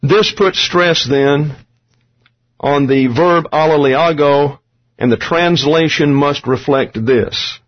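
A man with a slightly high voice teaches a Bible study on Greek grammar at a slow pace, explaining terms step by step with dry asides. The recording is dull and lo-fi.

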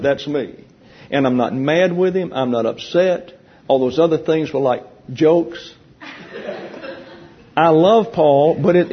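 A man leading a Bible class, teaching in a teasing, conversational way and explaining points slowly to a room of listeners. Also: fairly high pitch, breathy edge. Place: church classroom with an audience. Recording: dull lo-fi recording.

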